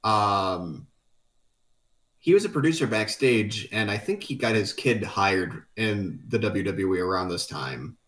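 Low-voiced chatty podcast co-host man. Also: a little slow. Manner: relaxed, chatty, lots of "like" fillers. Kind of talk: casual wrestling chat.

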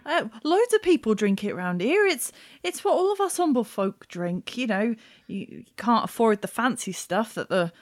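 A woman's voice: on the high side, expressive, moderate pace, lightly acted. A woman voicing a folksy, old-fashioned male farmer who talks in a homely, rambling way. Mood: defensive. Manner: homely, rambling, rustic turns of phrase.

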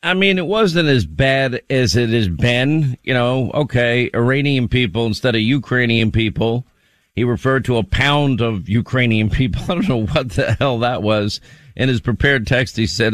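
A man's voice: medium pitch, unhurried, no room sound. A man hosting a radio talk show, giving casual commentary and laughing mockingly as he talks.

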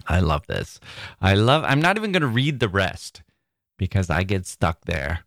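A man's voice: low voice, very animated, normal speed, gravelly, fairly bright tone, no echo, studio quality. A man hosting a literary podcast, playful and theatrical, often laughing at himself, with a voice a listener called squirrel-like. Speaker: podcast host.

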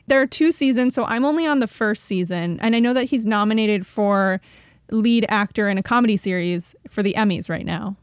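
A woman's voice: medium pitch, fairly quick, clear, resonant tone, no echo, studio quality. A young woman co-hosting a podcast in casual chat, chatty and laughing often, with many "like"s. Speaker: podcast co-host.

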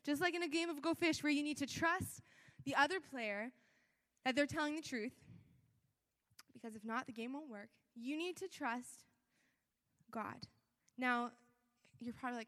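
A woman's voice: sits high, a little slow, pauses often, fairly bright tone. A young woman giving a casual, chatty youth sermon, acting out quoted prayers along the way. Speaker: youth speaker. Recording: reverberant hall.

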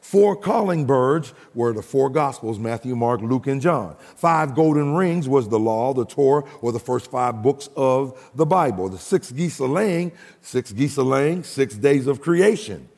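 A man's voice: medium pitch, lively intonation, a little slow, a little mellow, long reverb tail. A man preaching a recorded sermon, explaining and calling the congregation to repeat after him. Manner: explains and calls for audience repetition. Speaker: pastor.

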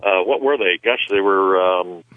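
A man's voice: low-pitched, normal speed, dry recording. A man calls in over a tinny phone line, his voice thin and clipped. He talks hesitantly, stalling on "uh" and "um" while he searches for words. The sound is dry and close. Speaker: caller, former producer.

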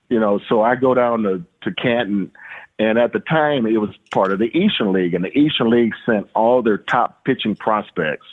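A middle-aged man from Louisiana, a former baseball player, telling stories in a rambling, casual way with many fillers and repeated words. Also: on the low side. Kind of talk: casual storytelling interview. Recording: tinny phone-like line.

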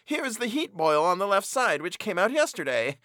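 Excitable, stammering major , read by a man, high and bright, in a close dry read. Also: fairly quick, dry recording, full character voice. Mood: delighted. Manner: stammering, eager exclamations. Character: excitable middle-aged male army major. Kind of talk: storybook reading.

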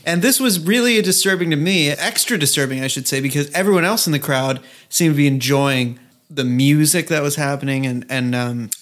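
A man co-hosting a podcast with a voice pitched a little high. He rants in casual chat, sarcastic and crude, swearing freely. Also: a little fast, fairly bright tone. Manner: sarcastic, profane ranting. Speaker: podcast co-host.

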